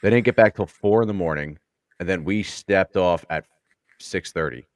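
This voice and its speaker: Co-host, male, low voice, dry close sound, swears freely, acts out the people in his stories. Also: moderate pace, no room sound. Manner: storytelling, swearing, acts out quotes. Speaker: podcast co-host. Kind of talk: casual profane chat.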